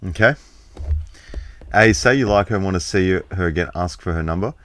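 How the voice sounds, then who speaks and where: A man's voice: deep voice, fairly quick, fairly bright tone, dry recording. A man streaming a game, reading out the answer choices in a casual way and laughing often. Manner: laughs a lot, reads out choices. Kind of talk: casual let's-play commentary.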